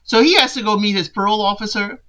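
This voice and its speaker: Sassy, bright-voiced woman recapping a show. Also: medium pitch, fast, poor audio. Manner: sassy, opinionated, talks straight to the people she recaps. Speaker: podcast host recapping a reality show. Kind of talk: casual recap commentary.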